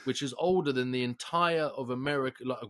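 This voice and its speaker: A man from England, co-hosting a podcast in casual, animated, swearing rants. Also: mid-range voice, fairly quick. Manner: animated, ranting, swearing, mocking. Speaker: podcast co-host. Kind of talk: casual chat.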